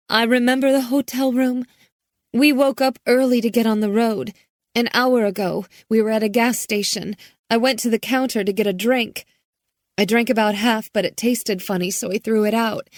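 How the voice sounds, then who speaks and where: A woman voicing a frightened teenage girl, high and pleading, on the verge of tears. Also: dry recording, studio quality, natural voice.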